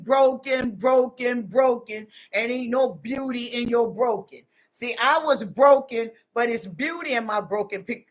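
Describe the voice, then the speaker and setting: A woman with a high, bright voice preaches casually on a livestream. She talks in an animated, folksy way and calls her listeners honey and y'all. Her tone stays lively as she answers her viewers. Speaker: livestream host.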